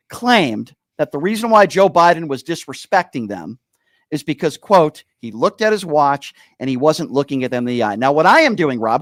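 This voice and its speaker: A man's voice: fairly high pitch, dry recording, clean studio sound. A man hosting a heated political debate, combative and sarcastic, cutting in on his opponent.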